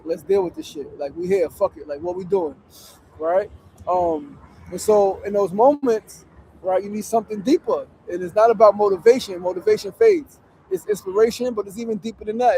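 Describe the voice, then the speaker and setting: High-pitched guy preaching on a livestream outside, lots of swearing, faint street noise behind. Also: creaky, mellow, poor audio. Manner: profane, emphatic, repetitive, preachy. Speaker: livestream host on a public fast. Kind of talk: casual motivational livestream talk. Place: outdoors on a city street.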